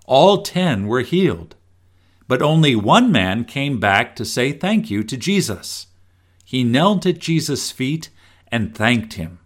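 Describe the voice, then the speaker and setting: A man reading scripture and a family devotional in an expressive storytelling manner. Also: mid-range voice. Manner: slow, expressive storytelling with voiced quotes.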